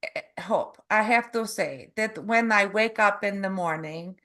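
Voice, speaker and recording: A woman interviewing in casual talk, with aphasia, halting and searching for her words. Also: medium pitch, bright, forceful tone. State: has aphasia. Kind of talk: casual conversation.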